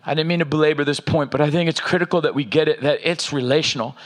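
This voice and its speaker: A man preaching a sermon, reading scripture aloud with slow emphasis and checking in with the congregation. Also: on the high side. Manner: asks the audience "are you with me", reads scripture aloud with slow emphasis. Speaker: pastor.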